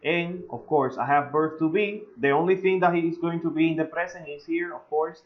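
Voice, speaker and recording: A man whose first language is Spanish, teaching English grammar in an online lesson, slow and full of "eh" fillers, drawing out his example sentences. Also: a little high. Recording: slightly dull lo-fi audio.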